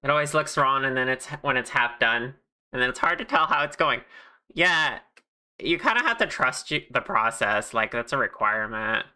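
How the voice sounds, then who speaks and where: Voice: medium pitch, animated, normal speed, pushed and bright, clean tone. A livestreamer making plushies who chats casually with viewers and thinks aloud at a home streaming mic. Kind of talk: casual livestream chat while crafting.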